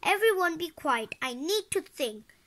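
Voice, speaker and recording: A young reader voicing a frantic, busy mother in a storybook read-aloud, talking high and loud. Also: sing-song, unhurried, full character voice. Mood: exasperated.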